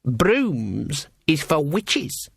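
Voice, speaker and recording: A man voicing a stern old female witch who speaks in a slow, icy, sarcastic way. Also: a little high, sing-song, gravelly, slightly rough, no echo, clean studio sound, pitched above the performer's own voice, full character voice.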